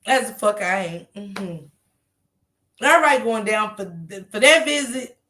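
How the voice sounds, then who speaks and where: Bright-voiced woman telling a wild story. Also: mid-range voice, unhurried. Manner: animated, profane, laughs often, acts out others' lines. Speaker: livestream host telling a story. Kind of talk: casual storytelling to viewers.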